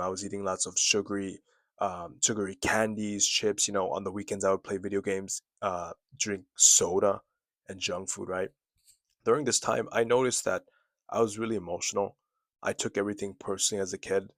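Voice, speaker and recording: A man's voice: on the low side, dry recording. A young man in his twenties giving casual, earnest advice straight to camera, with lots of "like" and "you know" and repeated phrases for emphasis. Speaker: self-improvement video creator. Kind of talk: casual talking-head advice.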